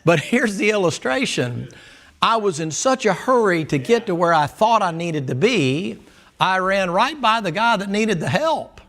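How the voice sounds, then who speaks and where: A man's voice: high voice, lively intonation, unhurried, fairly bright tone. A man preaching a Sunday school sermon in a folksy storytelling way, often asking the class questions.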